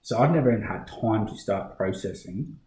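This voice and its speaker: A man's voice: on the low side, animated, moderate pace, a little mellow, reverberant, rough recording. A middle-aged Australian police officer with an Australian accent, telling his story in a casual podcast interview, full of fillers and restarts.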